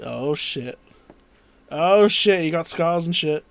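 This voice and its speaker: A man's voice: a little high, expressive, slow pace, vocal fry, long pauses, smooth. A young man playing a game and chatting casually, swearing and reading dialogue aloud. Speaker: gaming streamer. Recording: faint background music.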